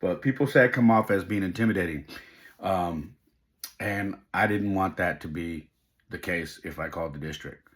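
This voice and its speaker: A man's voice: low voice, normal speed. A middle-aged man hosting a podcast, telling a personal story in an emotional, tearful way while crying. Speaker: podcast host.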